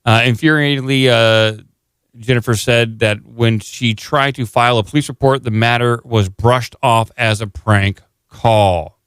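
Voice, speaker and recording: A man's voice: medium pitch, fairly even intonation, measured pace, fairly bright tone, clean tone, dry recording. Wry man reading the news on a podcast. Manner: sarcastic, jokey asides. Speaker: podcast co-host. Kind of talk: casual chat, reading a news article aloud.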